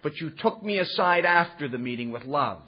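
Husky man telling his recovery story. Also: fairly high pitch, expressive, normal speed, lo-fi sound. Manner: earnest, repeats phrases, tag "huh?" to the audience. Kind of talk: heartfelt storytelling talk to a live gathering. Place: meeting room with audience.

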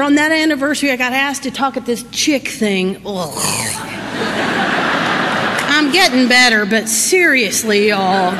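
A middle-aged woman, giving a folksy, animated personal recovery talk. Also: high-pitched. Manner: folksy, animated, laughs through her story. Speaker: recovery meeting speaker. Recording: echoey hall with faint noise.

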